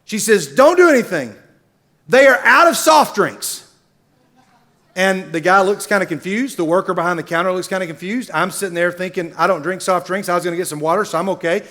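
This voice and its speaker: High-voiced animated man telling a story. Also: brisk. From Middle Tennessee. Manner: animated, comic storyteller who acts out characters. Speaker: speaker at a university gathering. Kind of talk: storytelling sermon.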